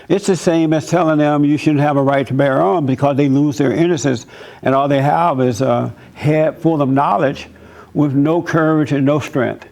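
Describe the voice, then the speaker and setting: A man giving a church talk as pastor, telling stories in an animated, preachy way. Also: on the high side, creaky.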